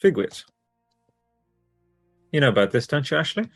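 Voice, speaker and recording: A man's voice: fairly high pitch, very animated, normal speed, no echo, studio quality, soft background music. A man with an Australian accent, co-hosting a podcast in a casual, rambling and enthusiastic way with many fillers. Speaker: podcast co-host. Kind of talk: casual chat.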